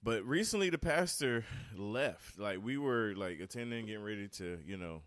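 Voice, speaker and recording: A man with a very low, smooth and resonant voice chats casually as a podcast guest. He is relaxed and often repeats a word while he gathers his thoughts. The sound is dry and close to the mic. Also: normal speed, no room sound. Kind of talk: casual conversational interview.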